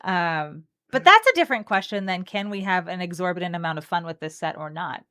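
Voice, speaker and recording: A woman's voice: lowish voice, animated, a little fast, pushed and bright, smooth. A woman co-hosting a card game stream, chatting playfully and reading card text aloud. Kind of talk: casual chat opening card packs.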